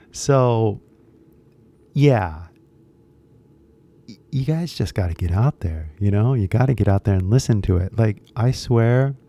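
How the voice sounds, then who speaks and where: A man's voice: lowish voice, expressive, takes it slowly, long pauses, dark tone. A man with a Californian accent, talking bluntly and rambling to viewers of his English-teaching channel, mixing in some Japanese. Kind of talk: casual talk to viewers.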